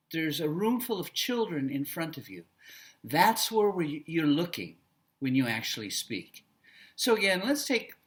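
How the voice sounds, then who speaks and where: A man training future teachers, giving a classroom lecture and demonstrating how to read aloud to children with a coaching manner. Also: a little high. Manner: slow, animated, coaching tone with vocal demos.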